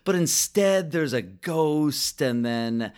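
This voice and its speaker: A young man co-hosting a casual film review podcast, talking in an animated way, swearing casually and stumbling over his words. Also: a little high, slow, smooth. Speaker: podcast co-host.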